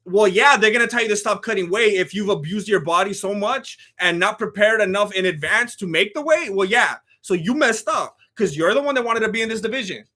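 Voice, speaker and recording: A man doing live reaction commentary on a fight, ranting and often shouting, pausing to thank new followers. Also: high voice, animated. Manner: thanks followers by name between rants. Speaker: live fight companion streamer.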